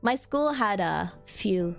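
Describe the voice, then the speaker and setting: A woman's voice: mid-range voice, expressive, slow pace, creaky, soft background music. A young British woman hosting a stream, chatting casually and giggling, acting out quoted voices. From Britain. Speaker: streamer host. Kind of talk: casual chat.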